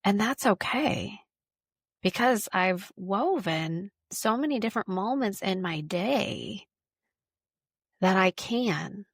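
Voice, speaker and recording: A woman's voice: medium pitch, expressive, slow, husky, dry recording, studio quality. A woman hosting a wellness podcast, talking casually and informally and repeating words for emphasis.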